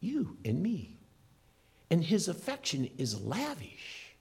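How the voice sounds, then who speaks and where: A man's voice: a little high, wildly swooping pitch, slow pace, gravelly, breathy edge. A middle-aged man preaching a sermon as a pastor, earnest and emphatic, swinging his voice up and down for emphasis. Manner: earnest, emphatic preaching with rising and falling delivery.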